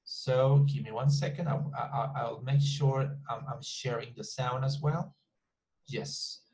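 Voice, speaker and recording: A man's voice: medium pitch, steady tone, a little slow, creaky, noisy background. A man teaching an online English class, talking in a chatty, repetitive way and often checking in with his students. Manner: chatty, repetitive, asks the class frequent questions.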